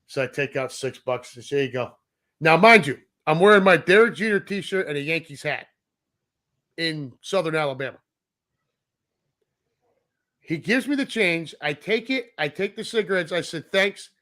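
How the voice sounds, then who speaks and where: A man's voice: on the high side, moderate pace, pauses often, sharp tone. A middle-aged man, a podcast co-host, telling a long story in casual chat, acting out the people he quotes and swearing freely.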